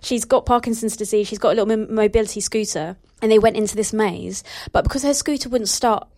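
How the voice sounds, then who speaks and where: A woman's voice: mid-range voice, fast talker, darkish tone. A woman co-hosting a podcast, chatting casually and telling stories with lots of fillers. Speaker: podcast co-host. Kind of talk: casual chat.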